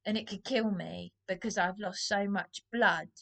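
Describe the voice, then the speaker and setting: A woman talks straight to camera, short of breath. She sounds agitated and wronged, and her rambling complaint moves at an unhurried, drawn-out pace at an ordinary pitch. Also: fairly even intonation, gravelly, a bit bright. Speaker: vlogger. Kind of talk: emotional monologue to camera.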